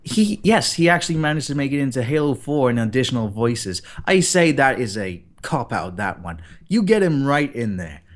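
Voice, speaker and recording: A man's voice: medium pitch, big pitch swings, moderate pace, hardly any pauses. A man guesting on an interview show, talking animatedly about voice acting and acting out example lines. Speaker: guest voice actor. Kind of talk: casual interview chat.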